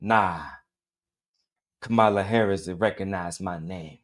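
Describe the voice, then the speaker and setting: A man's voice: fairly low pitch, measured pace. A man hosting a reaction commentary show, talking bluntly in profane street slang and hammering his points with repetition.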